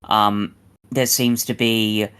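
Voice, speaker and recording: A man hosting a casual podcast chat, talking in a measured, hedging, thoughtful way. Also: lowish voice, little pitch movement, fairly bright tone, smooth. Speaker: podcast host.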